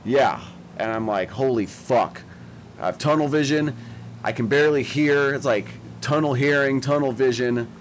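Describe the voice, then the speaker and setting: A young man tells a story in loose, casual chat, swearing freely and poking fun at himself. His voice sits at an ordinary middle pitch. Faint background noise hums under the recording. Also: moderate pace, low-quality recording. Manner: profane, rambling, self-mocking.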